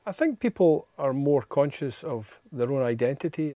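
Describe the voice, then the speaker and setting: A man's voice: mid-range voice, lively intonation, normal speed, warm tone, no room sound, clean studio sound. A man, a kilt maker answering interview questions in a plainspoken, matter-of-fact way.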